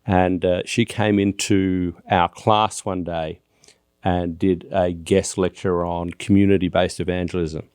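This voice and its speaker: A middle-aged Australian man with a deep, narrator-like voice, chatting as a pastor guest on an interview podcast. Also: flat delivery, a little slow, darkish tone, clean tone, no echo, clean studio sound. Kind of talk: casual interview chat.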